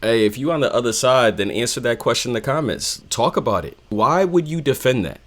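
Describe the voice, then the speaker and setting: A man's voice: mid-range voice, expressive, brisk, a bit bright. A man hosting a music reaction video, talking earnestly and rambling with fillers between song plays. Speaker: music reaction channel host.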